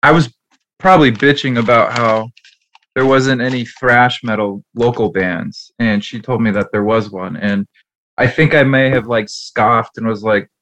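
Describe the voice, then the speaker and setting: A man in his thirties, a podcast guest, chatting in a relaxed, self-deprecating way. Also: mid-range voice, unhurried. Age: 30s. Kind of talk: casual podcast chat.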